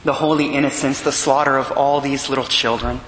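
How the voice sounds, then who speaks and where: A man preaching a sermon in an earnest, measured storytelling manner. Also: medium pitch, fairly even intonation, fairly bright tone, a little hiss or hum. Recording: echoey hall with long reverb.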